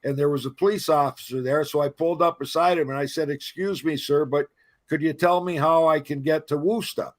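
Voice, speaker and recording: A man's voice: a little high, steady tone, brisk. An American man telling rambling stories in casual chat on a live stream, heard over a video call. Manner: rambling anecdote teller, repeats himself.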